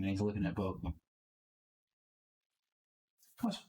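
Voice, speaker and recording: A man's voice: on the low side, fairly even intonation, normal speed, rough recording. A man narrating as game master in a loose, rambling way with many fillers.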